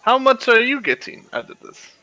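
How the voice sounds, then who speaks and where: A man playing his character in a tabletop game, haggling in a halting way with restarts. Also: very high-pitched, big pitch swings, bright, forceful tone, low-quality recording. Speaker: player. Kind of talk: in-character tabletop role-play.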